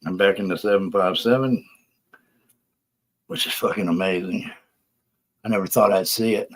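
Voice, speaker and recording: A low-voiced man hosts a casual live stream, talking in a rambling, profane, defensive way. He sounds out of breath. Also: steady tone, moderate pace. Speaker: livestream host.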